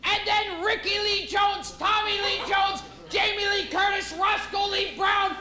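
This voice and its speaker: A man doing stand-up comedy in a shrill, shouting, abrasive delivery. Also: fairly even intonation, a little slow. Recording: live club recording, echoey with crowd laughter. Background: audience laughter.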